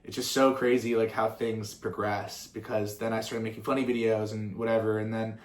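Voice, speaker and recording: A man's voice: fairly low pitch, level tone, moderate pace. A young man, a musician and content creator, answering fan questions in a casual chat, rambling with plenty of swearing and tangents. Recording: roomy echo.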